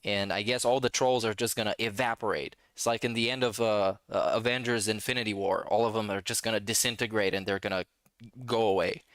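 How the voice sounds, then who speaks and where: A man's voice: fairly low pitch, steady tone, brisk, a bit bright, clear, resonant tone, no echo. A man hosting a casual reaction commentary, talking in a sarcastic, mocking way. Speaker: commentary channel host.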